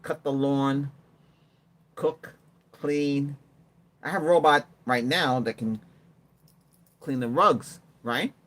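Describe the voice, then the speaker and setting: A man's voice: medium pitch, takes it slowly, long pauses, fairly bright tone. A man hosting a tech livestream, chatting casually and rambling while he answers viewer comments and laughs often. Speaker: livestream host.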